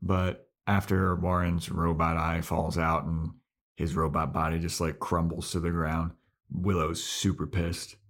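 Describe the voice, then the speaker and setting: A man's voice: deep voice, unhurried. A man co-hosting a podcast, recapping an episode in casual chat and acting out scenes. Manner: animated storyteller, acts out scenes. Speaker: podcast co-host.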